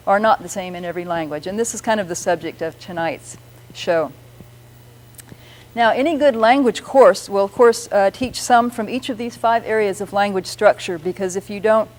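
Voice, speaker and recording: A middle-aged woman, a linguist explaining language structure on a radio show, patient and slowing down to demonstrate sounds. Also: medium pitch, darkish tone, poor audio.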